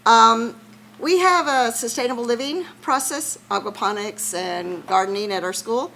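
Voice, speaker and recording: Female teacher, emotional and teary at a ceremony; bright, slightly high voice. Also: normal speed, creaky, poor audio. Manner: emotional, laughing, close to tears. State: tearful. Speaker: math teacher. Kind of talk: award ceremony speech.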